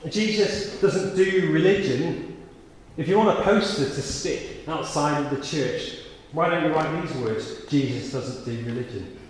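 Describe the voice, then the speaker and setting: A man's voice: on the high side, moderate pace, a little hiss or hum. A man preaching a sermon, his voice filling a very echoey church with a long reverb tail. He talks in a conversational way, then pushes to sudden emphatic peaks. Faint room ambience sits underneath.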